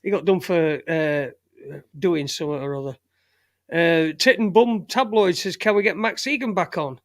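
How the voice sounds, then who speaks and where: A man's voice: sits high, normal speed, no echo, studio quality. A man hosting a casual live show, reading out chat comments with blunt, sweary banter and laughter. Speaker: podcast host.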